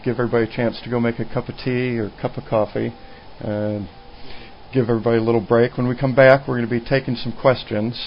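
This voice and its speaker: A man's voice: medium pitch, flat delivery, fast talker. A man hosting a radio talk show, interviewing a guest in a friendly, affirming way. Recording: dull lo-fi radio with faint noise.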